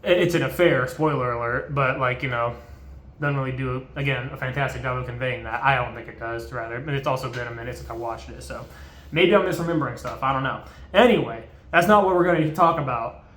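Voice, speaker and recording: A man's voice: mid-range voice, brisk, fairly bright tone, a little hiss or hum. Rambling, swearing man in an echoey room. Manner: rambling, profane, full of fillers. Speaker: video host. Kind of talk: casual movie recap.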